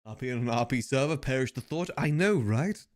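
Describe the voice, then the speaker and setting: A man's voice: medium pitch, expressive, fairly quick. A man streaming live, chatting casually with his viewers and joking between tasks. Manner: chatty, joking asides to chat.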